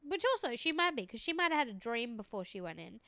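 Bright-voiced young woman, easygoing. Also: fairly high pitch, fast, no room sound. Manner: easygoing, agreeable, animated when telling stories. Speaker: podcast co-host. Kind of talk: casual chat recapping a dating show.

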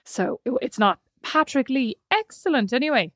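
A woman's voice: sits high, animated, normal speed, fairly bright tone, no room sound, clean studio sound. A woman in her forties co-hosting a casual podcast, telling stories in a chatty, self-mocking way. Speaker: podcast co-host. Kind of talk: casual chat.

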